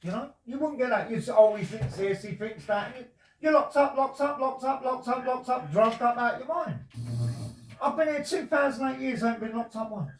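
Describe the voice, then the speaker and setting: A man's voice: extremely high pitch, brisk, distant mic. A man at home talking insistently to a visitor, rambling and repeating himself. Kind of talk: casual conversation. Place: indoors at his home. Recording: echoey room, off-mic, faint noise.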